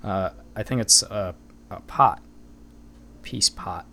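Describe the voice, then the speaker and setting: A man co-hosts a comedy podcast over a remote call, making measured, pedantic corrections. His voice is low but bright and forceful. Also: vocal fry, a little hiss or hum. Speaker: podcast co-host.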